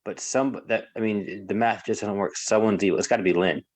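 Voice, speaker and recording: A man's voice: on the low side, steady tone, fairly quick. A man playing a social deduction game over a video call, reasoning aloud through the evidence with frequent fillers. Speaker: player. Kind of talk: casual game talk.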